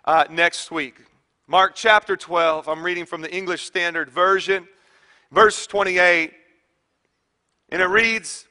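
A man's voice: high-pitched, pushed and bright, long reverb tail. A man preaching a sermon to a congregation, telling stories with animation and reading scripture with strong emphasis. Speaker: pastor.

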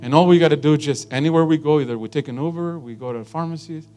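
A middle-aged man delivers a lively sermon in a somewhat high voice. He speaks emphatically, drawing the congregation in with stories. Guitar and piano carry on clearly behind him throughout. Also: racing. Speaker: preacher. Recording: guitar and piano music underneath.

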